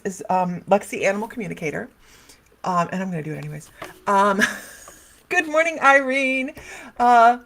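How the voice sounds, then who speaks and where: A woman's voice: mid-range voice, creaky, a bit bright. A middle-aged woman hosting a casual livestream chat as a psychic medium, talking in a loose, wandering way and laughing often. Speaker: psychic medium and live show host.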